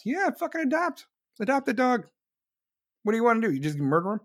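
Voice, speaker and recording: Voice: medium pitch, expressive, a bit bright. A livestream host ranting through political commentary, swearing constantly and mocking opponents in put-on voices. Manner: profane, sarcastic, mocks opponents in put-on voices; combative, talks fast in bursts. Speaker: livestream host taking callers.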